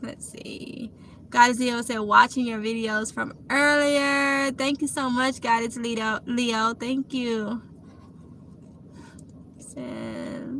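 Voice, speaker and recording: A woman's voice: on the high side, animated, slow pace, vocal fry, fairly bright tone, a little hiss or hum. A woman with a Mississippi Southern accent hosting a casual live Q&A, chatty and affectionate, calling her viewers honey. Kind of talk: casual live-stream chat reading comments.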